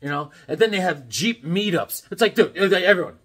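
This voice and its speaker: Middle-aged man, slightly raised pitch, breathy husky tone, casual vlog chat, wanders into jokey anecdotes. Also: expressive, moderate pace, fairly bright tone. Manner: rambling, jokey storyteller. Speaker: comic book collector vlogger. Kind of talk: casual show-and-tell chat.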